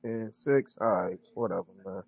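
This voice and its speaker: Joking podcast co-host, lo-fi sound. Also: male voice, on the low side, normal speed, gravelly, a little mellow, breathy edge. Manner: loose, joking, thinks aloud. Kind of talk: casual chat. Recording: dull lo-fi audio.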